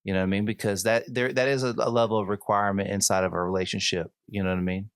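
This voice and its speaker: A man's voice: on the low side, level tone, rapid-fire, clean tone, dry recording, clean studio sound. A man hosting a podcast and coaching his guest in a casual conversation, stopping and restarting with many fillers before he gets to his point. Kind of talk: casual conversation, giving advice.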